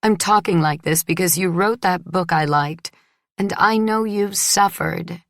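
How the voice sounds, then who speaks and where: A woman reader voicing a desperate, resentful young bride who pleads and breaks into shrill outbursts. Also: unhurried, creaky, a bit bright, no room sound, studio quality. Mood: tearful bitter.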